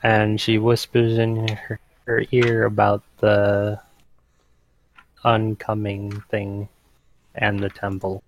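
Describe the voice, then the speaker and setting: A man taking part as a player in a tabletop role-playing game, talking slowly and hesitantly. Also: fairly low pitch, completely flat delivery, a little hiss or hum, poor audio.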